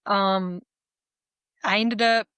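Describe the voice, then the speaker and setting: A middle-aged woman, telling her testimony as an interview guest in earnest, halting storytelling with soft laughs. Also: medium pitch, steady tone, smooth, no echo. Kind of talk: emotional personal testimony.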